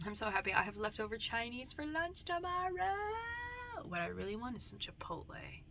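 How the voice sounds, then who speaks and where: A young woman with rambles playfully in casual vlog chat. Her voice is bright and forceful, and she slips into whispers now and then. Faint background noise sits under her voice. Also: medium pitch, animated, brisk, gravelly. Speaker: vlogger.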